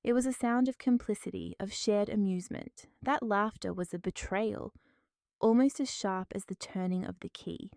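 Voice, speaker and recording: A woman narrating a dramatic first-person story in a measured, formal way. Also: mid-range voice, darkish tone, clear, resonant tone, no room sound, clean studio sound.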